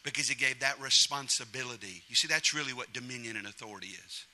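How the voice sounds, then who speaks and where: A middle-aged man preaching a sermon, humorous and animated, acting out quotes in different voices. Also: mid-range voice, fast. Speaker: pastor.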